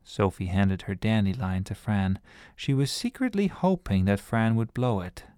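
A man reads a children's storybook aloud in a calm, gentle way. His voice is low, and the sound is dry and close with no room around it. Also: moderate pace, clear, resonant tone, no room sound. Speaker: narrator.

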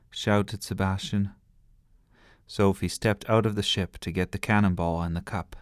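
A man reading a bedtime story aloud in a gentle, lively storytelling manner. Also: low voice, measured pace, dry recording, clean studio sound.

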